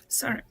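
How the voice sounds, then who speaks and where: A woman playing a tabletop game, speaking slowly in a hesitant, earnest way. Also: sharp tone. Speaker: player. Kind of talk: casual tabletop game chat.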